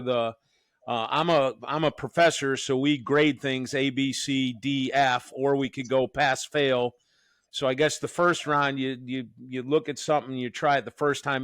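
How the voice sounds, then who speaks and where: A medium-pitched man from the Northeastern US hosts a casual podcast chat as a professor, joking and rambling with many restarts. There is no room sound in the recording.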